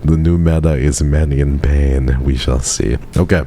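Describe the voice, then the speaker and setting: A young man talks to his stream audience in a playful, teasing, mock-dramatic way. His voice sits extremely low and sounds dark and mellow. A faint hiss runs under his desk mic. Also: fairly even intonation, unhurried. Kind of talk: casual live-stream chat with chat.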